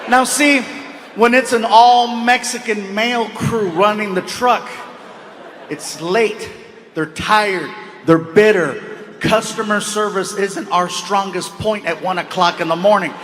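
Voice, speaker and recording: A male stand-up comedian tells animated stories on stage in a notably high voice. He throws in sound effects. A faint hum of noise sits behind him. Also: unhurried.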